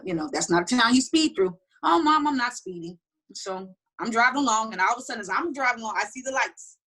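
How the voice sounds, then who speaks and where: A middle-aged woman telling personal stories in an interview, talking quickly and animatedly with many restarts. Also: mid-range voice, breathy edge. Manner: fast, animated storytelling with frequent restarts. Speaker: interview guest. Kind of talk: candid personal storytelling.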